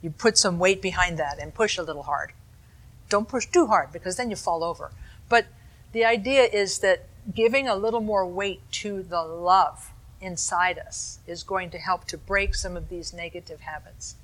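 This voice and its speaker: Woman teaching meditation, calm dharma talk, bright voice, chatty asides to the group. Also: on the low side, moderate pace.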